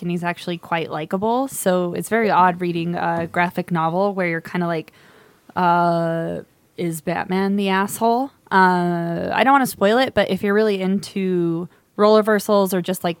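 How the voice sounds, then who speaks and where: A chatty, animated woman co-hosting a podcast, talking casually and laughing often. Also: fairly low pitch, normal speed, no room sound. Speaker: podcast co-host. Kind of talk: casual chat.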